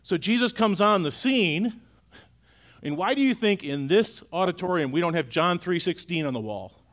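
A man's voice: high-pitched, lively intonation, normal speed, a bit bright. A middle-aged man preaching a sermon in a church auditorium, in a conversational way that keeps asking the congregation questions. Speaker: pastor.

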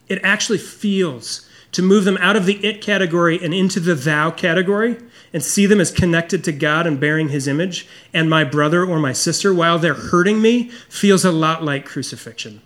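A man preaching a sermon as pastor, earnest and confessional, often dropping low and soft to stress a point. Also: moderate pace.

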